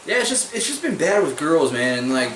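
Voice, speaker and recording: A young man rambles through a story in a casual vlog, swearing and saying "I was like" again and again. His voice is a little high and a bit bright, with big pitch swings and a brisk pace. The room is echoey, the mic sits at a distance, and there's faint noise.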